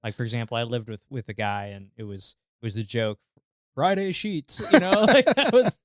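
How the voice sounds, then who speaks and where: A man in his thirties co-hosting a podcast, mostly reacting with short replies and quick laughter. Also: medium pitch, wildly swooping pitch, no echo, studio quality. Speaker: podcast co-host. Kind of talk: casual chat.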